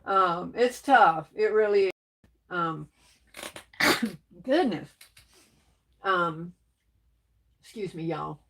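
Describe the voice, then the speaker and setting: A woman's voice: on the low side, animated, very slow, long pauses, a bit bright, slight background noise. A woman hosting a crafting livestream, reading viewer comments aloud and greeting people as baby and darling, sneezing and coughing now and then.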